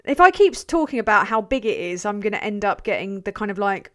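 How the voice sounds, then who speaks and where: A woman's voice: medium pitch, very animated, brisk, hardly any pauses, fairly bright tone. A woman hosting a livestream. She chats casually, swears and jokes at her own expense while reading donations. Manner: chatty, sweary, self-deprecating. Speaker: livestream host.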